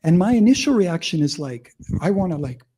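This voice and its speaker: Husky, mellow-voiced man telling stories. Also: sits high, sing-song, brisk. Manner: conversational, heavy use of fillers like "like" and "you know"; vivid storyteller, audience-engaging. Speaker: academic speaker. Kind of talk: public lecture with personal anecdotes.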